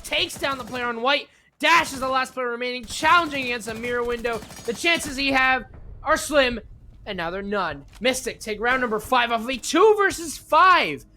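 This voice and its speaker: A female esports caster with a higher, very bright voice. She laughs easily during banter and turns energetic on the calls. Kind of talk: play-by-play commentary and banter.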